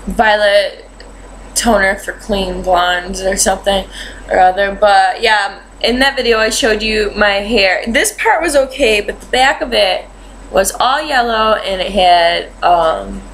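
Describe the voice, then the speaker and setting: A young woman tells a story in a loose, chatty vlog style and fills her talk with ums and likes. Her voice sits at an everyday middle pitch. Faint noise hums underneath. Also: a bit bright, low-quality recording. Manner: rambling, chatty storytelling with many fillers. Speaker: beauty vlogger. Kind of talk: casual chat.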